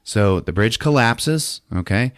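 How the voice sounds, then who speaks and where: A man hosting a podcast who recaps a movie in casual, animated speech, swearing and acting out the scenes. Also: medium pitch, slow pace, no room sound, studio quality. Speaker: podcast host. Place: podcast studio.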